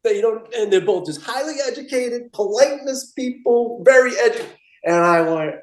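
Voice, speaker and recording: A man's voice: very high voice, lively intonation, moderate pace, echoey room, poor audio. A middle-aged man from Massachusetts telling stories in an interview, rambling and repeating himself with many restarts. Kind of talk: casual storytelling interview.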